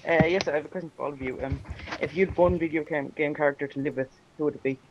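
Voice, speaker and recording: Man, light irish accent, hushed quiet talk, slightly high voice, dull muffled call audio with faint hiss. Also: steady tone, fast. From Ireland. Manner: quiet and hushed, speaking softly late at night. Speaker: caller. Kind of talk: casual chat.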